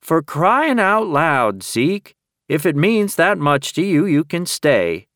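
A man doing a gruff, bossy female sheriff. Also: a little high, big pitch swings, slow, fairly bright tone, no echo, studio quality, pitched above the performer's own voice, full character voice. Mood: exasperated. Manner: growling, bossy, impatient. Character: brusque middle-aged female sheriff, gruff and impatient.

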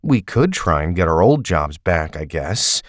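Guy reading as blunt fed-up ex agent, low voice, clipped and cool. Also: big pitch swings, a little slow, no echo, studio quality. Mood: frustrated. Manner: terse, cool and cutting. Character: tense, blunt man, fed-up ex-field agent partner.

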